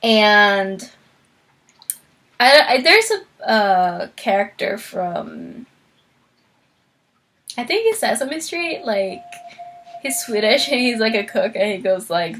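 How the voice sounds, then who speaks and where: A young woman reviewing a romance novel in a casual vlog, bubbly and animated, acting out characters' lines and laughing often. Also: measured pace, pauses often. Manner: bubbly, acts out characters' lines with big pitch jumps; frequent fillers and laughter. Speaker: book vlogger.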